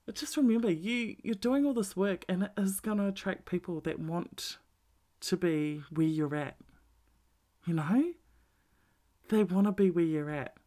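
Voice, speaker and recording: A middle-aged woman, talking bluntly and swearing freely in a casual monologue, with animated emphasis. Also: on the low side, measured pace.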